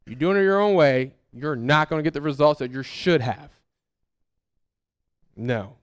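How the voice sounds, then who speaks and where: A man with a notably high voice preaches a casual, animated sermon. He speaks straight to the church, slipping into acted-out replies as he goes. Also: moderate pace, clean tone. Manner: conversational, animated preaching that acts out people's replies; addresses the congregation directly. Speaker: pastor.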